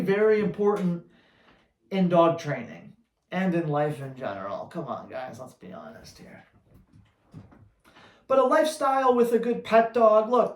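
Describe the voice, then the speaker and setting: A man who trains dogs, answering viewer questions on a live Q&A in a blunt, energetic, slangy way. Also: high-pitched, roomy sound. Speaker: dog trainer.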